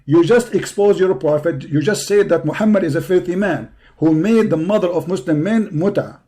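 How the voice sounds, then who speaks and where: A man with a hoarse voice hosting a live online show, delivering a heated, taunting monologue full of repeated insults and challenges. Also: high voice, moderate pace, dark tone. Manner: taunting, confrontational, repetitive insults. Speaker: online debate show host. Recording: live stream over a poor connection.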